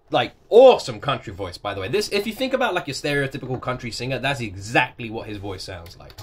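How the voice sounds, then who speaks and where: A man hosting a music reaction video in a casual, expressive way, swinging from chatty talk to loud exclamations. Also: medium pitch, fast talker, few pauses.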